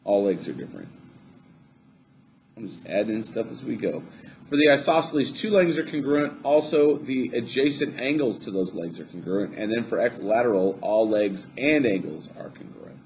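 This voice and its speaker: A man's voice: on the low side, lively intonation, normal speed, darkish tone, a little hiss or hum. A man teaching a recorded math lesson, chatty and upbeat, joking to himself as he draws on screen. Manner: upbeat, chatty, jokes to himself while drawing.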